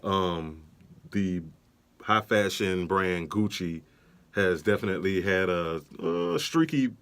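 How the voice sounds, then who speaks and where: A man's voice: deep voice, slow pace, a bit bright, clean tone. A young man co-hosting a podcast in casual chat, laid-back with many fillers and restarts. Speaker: podcast co-host.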